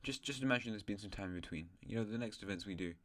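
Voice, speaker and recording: A man's voice: lowish voice, racing, a bit bright. A man hosting an alternate-history map series, narrating in a rambling, chatty way with self-mocking asides. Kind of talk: casual map-game commentary.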